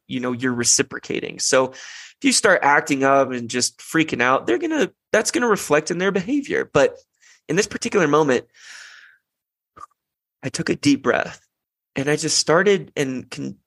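Earnest young dad talking parenting. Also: male voice, fairly high pitch, vocal fry, a bit bright, dry recording. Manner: earnest, many restarts and "you know" fillers. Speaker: parenting podcast host. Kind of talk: reflective casual monologue.

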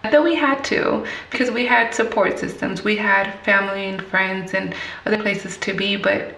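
A woman's voice: mid-range voice, steady tone, normal speed, vocal fry, a bit bright, echoey room, recorded from a distance. A woman guest telling a personal story in conversation, candid and reflective, laughing at painful memories. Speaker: interview guest.

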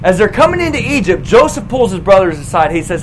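A man preaching a sermon as a lively story, retelling scripture in casual words and acting out quotes. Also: high-pitched, music in the background, poor audio. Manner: animated, casual retelling with quick acted quotes.

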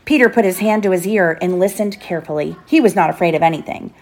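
A woman's voice: fairly low pitch, fast, a little mellow. A woman reading a children's storybook aloud to her child, lifting her voice for the characters' lines.

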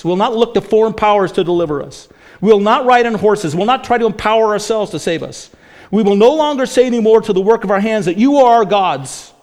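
A man preaching a sermon with passion, climbing loud on quoted questions and dropping low and soft for promises of mercy. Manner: impassioned preaching, rising to near shouts on quoted lines. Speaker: pastor.

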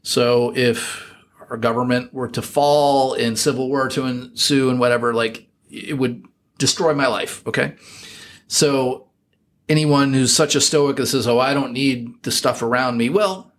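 A man's voice: mid-range voice, unhurried, a little hiss or hum. A middle-aged man with an American accent, chatting reflectively as an interview guest, full of fillers and restarts. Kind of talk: casual interview chat.

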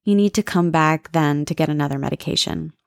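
A woman voicing a calm young woman who keeps a clinic in a dream, speaking in a matter-of-fact, unbothered way. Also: low voice, brisk, vocal fry, no room sound, studio quality.

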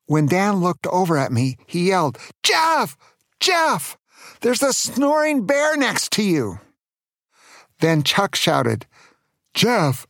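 A man's voice: mid-range voice, vocal fry, no echo. An older man narrates a children's adventure story as a grandfather would. He takes his time and plays up the drama with a joking streak. His voice sits in a middle register and is recorded dry and close.

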